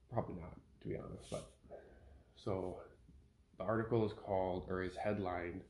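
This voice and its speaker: Male podcast host, deep voice, opinionated reader, echoey home room. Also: darkish tone. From Minnesota. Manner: opinionated, ranting, self-correcting. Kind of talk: casual podcast commentary, reading an article aloud. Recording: roomy home podcast recording.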